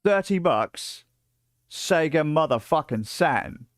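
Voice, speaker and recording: A British man in his late thirties, chatting casually on a livestream and telling stories in an excitable, profane way, full of fillers and restarts. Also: on the high side, takes it slowly, dry recording, clean studio sound. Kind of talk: casual rambling stream chat.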